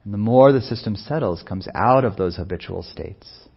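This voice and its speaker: Low gravelly man giving a meditation talk. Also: muffled recording. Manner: soft-spoken, unhurried, musing with many pauses. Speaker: meditation teacher. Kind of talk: reflective dharma talk.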